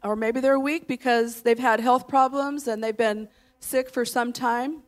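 A woman's voice: fairly high pitch, fairly even intonation, unhurried. A woman in her late fifties preaching a sermon in a conversational way, leading her congregation and telling stories with self-deprecating asides. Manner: warm conversational preaching, leads the congregation in declarations. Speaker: pastor's wife preaching.

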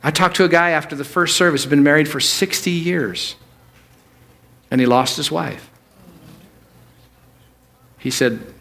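A male pastor preaching a sermon at a church service, swinging between loud emphatic peaks and quiet low asides. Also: measured pace, creaky, long pauses.

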